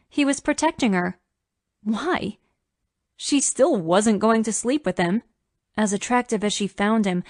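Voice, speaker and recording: A woman narrating a romance audiobook in a measured storytelling manner. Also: a little high, no room sound, clean studio sound.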